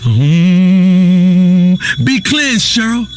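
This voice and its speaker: An actor playing an erratic, self-important male radio health show host who rambles and flares into shouting. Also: extremely high pitch, very animated, normal speed, faint music behind, full character voice. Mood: rambling. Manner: rambling, volatile, bursts into shouting. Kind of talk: comedic radio talk show acting.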